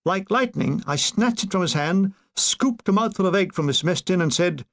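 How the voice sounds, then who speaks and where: A man's voice: high-pitched, expressive, moderate pace, gravelly, hardly any pauses, fairly bright tone. An older man reading his own war memoir aloud, with dry comic timing. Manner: dry comic delivery with brief put-on voices. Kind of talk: audiobook narration.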